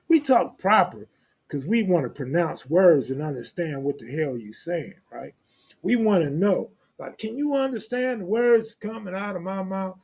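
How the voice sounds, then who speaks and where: A Los Angeles man hosts a live stream, reading viewer comments aloud in blunt, profane, joking street talk. His voice sits high yet has a darkish, slightly rough tone.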